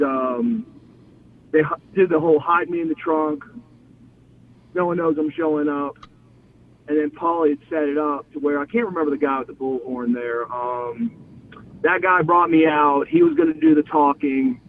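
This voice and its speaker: A man's voice: a little high, slight background noise. A middle-aged man and former pro wrestler, telling stories in a casual interview and acting out other people's lines as he goes, with frequent laughs. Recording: tinny phone line.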